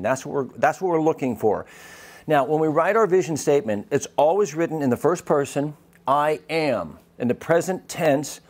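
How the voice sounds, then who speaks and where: Man giving a lively lecture. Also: mid-range voice. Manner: engaging, asks the audience questions. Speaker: physician giving a talk. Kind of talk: live lecture.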